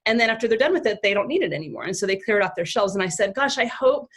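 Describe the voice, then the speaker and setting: A woman talking as a guest parenting expert in a relaxed interview. Her voice sits at an ordinary middle pitch. She tells anecdotes with energy, slipping into acted-out dialogue, with plenty of "um"s and restarts along the way. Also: very fast. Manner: animated storyteller who acts out quoted dialogue; frequent fillers and restarts. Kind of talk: casual interview conversation.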